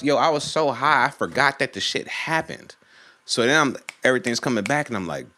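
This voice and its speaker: A man from Virginia tells a story in a loose, casual way. His voice is bright and forward and swings freely up and down as he acts out the people in his tale. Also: medium pitch, very animated, quick pace. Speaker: storytime YouTuber.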